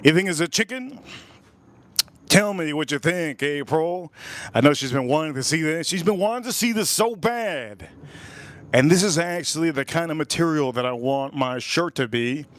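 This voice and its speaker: A man hosting a casual livestream, talking to his chat in an animated way and repeating his phrases. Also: fairly high pitch, moderate pace. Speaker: livestream host.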